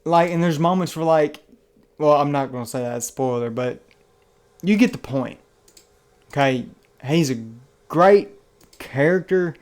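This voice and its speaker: Chatty Southern man reviewing a film. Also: fairly high pitch. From Southern United States. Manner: rambling and chatty, restarts phrases, many fillers; earnest and enthusiastic. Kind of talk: casual spoken movie review.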